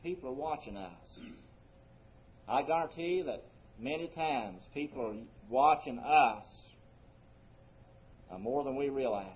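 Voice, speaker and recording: Male preacher, mid-pitched, earnest sermon delivery with swelling emphasis; dull lo-fi recording. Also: animated, a little slow, long pauses. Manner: earnest preaching, rising emphasis then dropping soft. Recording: muffled lo-fi recording.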